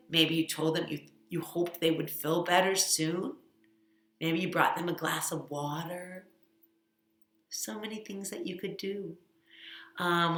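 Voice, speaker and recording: A woman's voice: lowish voice, bright, forceful tone. A woman teaching a children's church lesson, coaxing and asking the kids questions. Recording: roomy echo.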